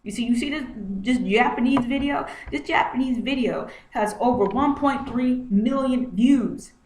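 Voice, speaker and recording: A woman's voice: on the high side, measured pace, a little mellow. A woman vlogging from home at her computer, talking through what is on her screen in an agitated way and repeating herself often. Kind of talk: screen-share commentary. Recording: roomy echo, faint noise.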